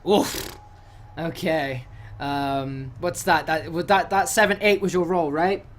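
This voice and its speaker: A man's voice: fairly high pitch, steady tone, takes it slowly, a bit bright, a little hiss or hum. A man running a tabletop game as game master, talking loosely with fillers, restarts and swearing.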